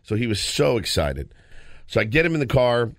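A man co-hosting a sports radio show, telling a story in a lively, casual way with frequent restarts, in a studio. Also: mid-range voice, normal speed, no echo. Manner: animated storyteller, lots of restarts.

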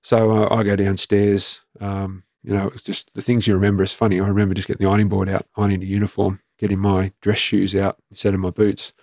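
A middle-aged Australian man, a former police commander appearing as an interview guest, speaks in a low, flat, rough and gravelly voice. He recounts his story matter-of-factly and haltingly. The sound is close and dry, with no echo.

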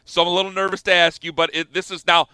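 Radio host, male, high bright voice, excitable and fast-shifting, dry studio sound. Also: clear, resonant tone, no echo. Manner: animated, excitable, jumps between topics. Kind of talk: casual sports talk chat.

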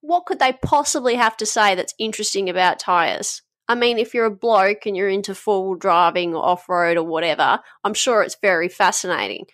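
A woman's voice: mid-range voice, fairly quick, hardly any pauses, fairly bright tone, dry recording. Frank Australian woman podcaster, dry sound. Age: 30s. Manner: frank and chatty, swears freely, wanders off topic. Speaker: podcast host. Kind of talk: casual solo podcast chat. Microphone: podcast microphone.

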